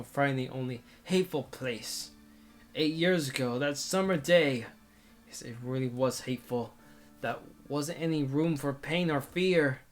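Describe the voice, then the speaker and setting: A man reading a visual novel aloud in the first person, intense and theatrical, often restarting words. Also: mid-range voice.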